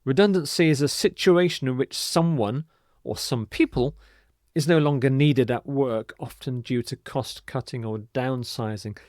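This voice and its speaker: Male teacher, mid-pitched voice, careful pronunciation, dry close sound. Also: darkish tone, no room sound. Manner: clear, deliberate, models pronunciation and stress. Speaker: IELTS vocabulary teacher. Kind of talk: scripted vocabulary lesson.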